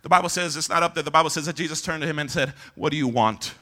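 A man pastor preaching an impassioned sermon at a church service and shouting to the congregation for a response. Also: fairly high pitch, flat delivery, rapid-fire.

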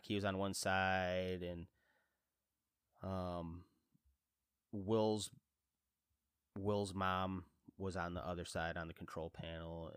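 A man's voice: low-pitched, clean tone, dry recording, clean studio sound. A man chatting casually to his viewers as a fan, rambling and enthusiastic, with many fillers and restarts. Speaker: vlogger reviewing a TV series. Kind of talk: casual chat to camera.

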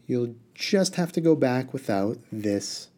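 An earnest young boy from a storybook, polite but firm, pressing his questions and demands, as a man reading aloud voices him. he speaks plainly and with quiet determination. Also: medium pitch, expressive, slow. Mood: determined.

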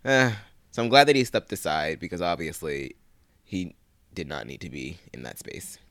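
A man's voice: low-pitched, very animated, moderate pace, fairly bright tone, dry recording. A man co-hosting a podcast, giving frank, opinionated commentary with casual swearing. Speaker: podcast co-host.

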